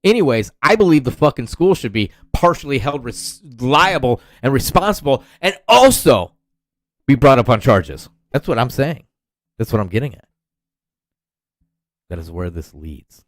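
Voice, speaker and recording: A man's voice: medium pitch, very animated, moderate pace, no echo. A man in his thirties hosting a podcast, ranting in a profane, rambling, heated way. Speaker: podcast host. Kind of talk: solo rant podcast.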